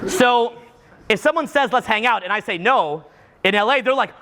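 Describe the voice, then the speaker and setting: Seminar speaker, male, from Canada: high, lively pitch, acts out the people he describes. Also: normal speed, slight background noise. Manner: animated, acts out what people say, frequent restarts. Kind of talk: live seminar talk to an audience.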